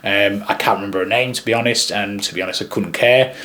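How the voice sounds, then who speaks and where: A man who works as a wedding videographer, telling a story to camera in a chatty, rambling way with frequent pauses. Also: lowish voice, steady tone, pushed and bright.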